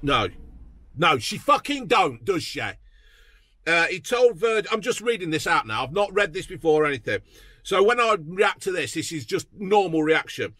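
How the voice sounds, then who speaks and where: A man's voice: on the high side, big pitch swings, normal speed, sharp tone, slightly rough, dry recording. A man giving a furious, sweary political rant, mocking and fuming as he talks. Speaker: political vlogger. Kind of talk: profane ranting commentary.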